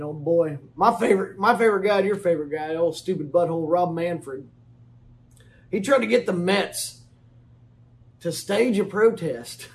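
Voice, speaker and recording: A man's voice: fairly high pitch, darkish tone. A man hosting a podcast, giving a comedic rundown of sports news in rambling, folksy banter with casual swearing and constant asides. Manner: rambling folksy banter, swears casually, keeps saying "you know what I mean". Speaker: podcast host.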